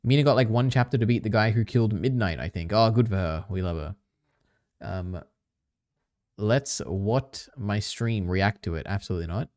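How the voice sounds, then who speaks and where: A man's voice: lowish voice, moderate pace, darkish tone, dry recording, studio quality. A man chatting casually on a live stream, reacting to clips and rambling with lots of filler words. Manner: rambling, many fillers, chatty asides to chat.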